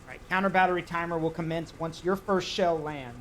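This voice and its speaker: A man's voice: on the high side, fairly even intonation, fairly quick, a bit bright, slight background noise, poor audio. Man talking himself through a game. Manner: talks himself through the steps, gets frantic and swears under pressure. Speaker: streamer. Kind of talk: live gameplay commentary.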